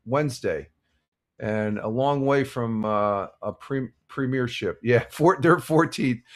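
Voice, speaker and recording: With a mid-range voice, an older livestream host runs a casual morning stream, working through sports results and saying hello to chat viewers in a rambling, filler-heavy way.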